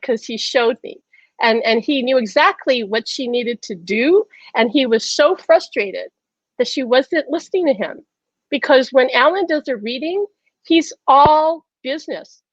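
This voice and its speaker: A woman hosting a show, telling a personal story in an animated way, laughing often and acting out conversations in quotes. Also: sits high, unhurried, dry recording, lo-fi sound. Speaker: host.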